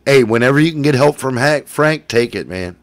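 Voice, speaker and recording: A man's voice: medium pitch, lively intonation, brisk, dry recording. A man in casual chat who jokes, swears freely and laughs often. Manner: laughing, profane, joking.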